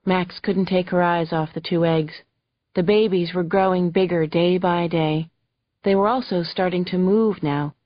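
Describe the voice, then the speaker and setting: A woman narrating a thriller audiobook in the first person with gentle, emotional storytelling. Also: fairly low pitch, steady tone, measured pace, dry recording. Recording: dull lo-fi audio, faint music.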